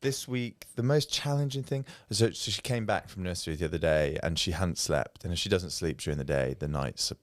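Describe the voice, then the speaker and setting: A man co-hosting a casual podcast chat, jokey and animated as he tells anecdotes. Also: low voice, fairly quick, few pauses, dry recording, studio quality. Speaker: podcast co-host, father of a toddler.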